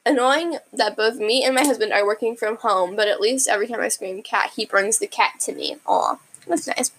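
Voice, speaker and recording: A woman's voice: medium pitch, brisk, a bit bright, slight background noise, rough recording. A young woman casually reading funny pet tweets aloud, giggling often and stumbling over words. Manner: giggly, chatty, many fillers and restarts.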